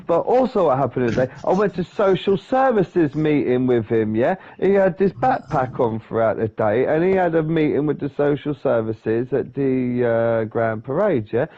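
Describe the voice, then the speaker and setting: A man's voice: medium pitch, dark tone, muffled recording. A man, telling a rambling, sweary story in casual talk and acting out other people's lines. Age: 30s.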